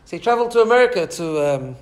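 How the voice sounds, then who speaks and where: Rabbi giving an informal class, quick and animated, voice pitched a little high, a small live audience in the room. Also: male voice. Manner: animated storyteller, many restarts and asides. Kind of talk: informal Torah class talk.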